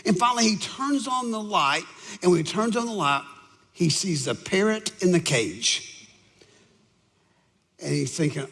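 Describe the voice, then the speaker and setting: A man's voice: high voice, normal speed, creaky, pauses often, breathy edge, long reverb tail. A man preaching a sermon as pastor, telling stories and acting out the voices in them. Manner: animated storytelling, acts out voices in quotes. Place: church sanctuary with audience.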